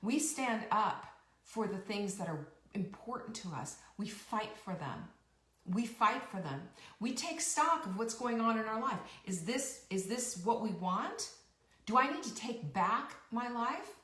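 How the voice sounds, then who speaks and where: A woman's voice: on the high side, big pitch swings, measured pace, a bit bright, roomy sound, distant mic. A woman host giving a rousing motivational talk, emphatic and repeating her key phrases. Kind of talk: motivational live-stream talk.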